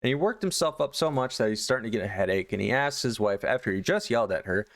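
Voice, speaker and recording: Give me an exasperated, sarcastic man reviewing an episode with an animated voice. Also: mid-range voice, quick pace. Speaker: horror anthology reviewer. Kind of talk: casual review commentary.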